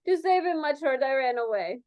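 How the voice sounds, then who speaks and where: A woman's voice: high-pitched, expressive, fairly quick, a little mellow, voice pushed up. A woman reading aloud, voicing a boastful, theatrical woman dancer in a put-on mock Spanish accent and broken English. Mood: haughty. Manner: grand, haughty, broken English.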